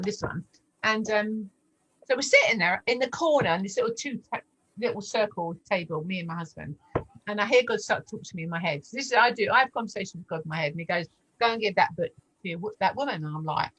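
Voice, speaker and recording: Animated woman telling a story. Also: husky, rough recording. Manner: animated storyteller, acts out dialogue with big pitch jumps. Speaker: guest sharing testimony. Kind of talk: storytelling testimony in a casual chat.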